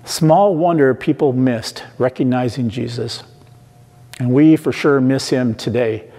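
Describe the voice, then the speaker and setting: A man preaching an online sermon in a church, slow and emphatic, repeating questions to the listeners. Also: mid-range voice, mellow. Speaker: pastor. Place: church sanctuary. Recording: long hall reverb.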